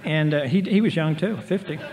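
With a fairly quick delivery and a darkish tone in a voice on the high side, this sixty-something speaker tells stories at a recovery meeting. His humor is wry and self-mocking. Captured on 1990s tape in a big convention hall, the audio echoes and carries faint hiss.

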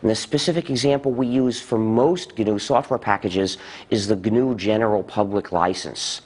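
Deliberate low-voiced man explaining. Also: a little mellow, long reverb tail. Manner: deliberate explaining, pitch jumps up for emphasis. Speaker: interviewee, software movement founder. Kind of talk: documentary interview.

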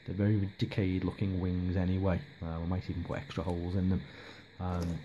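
Guy rambling about his hobby, low voice, lots of ums, faint noise behind. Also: completely flat delivery, brisk, warm tone. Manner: hesitant, lots of ums and restarts. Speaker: miniature hobby vlogger. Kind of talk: casual rambling update.

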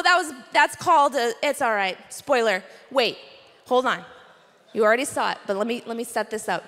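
Preaching at a conference, a young woman tells a personal story in a chatty, playful sermon full of quick asides to the crowd. Her high, expressive, fairly bright voice rings through a big hall with a long reverb tail.

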